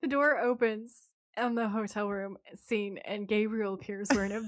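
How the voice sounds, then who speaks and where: An American woman co-hosting a podcast, telling a story in an animated, casual way and laughing often. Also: medium pitch, moderate pace, slight background noise. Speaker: podcast co-host. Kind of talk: casual recap chat.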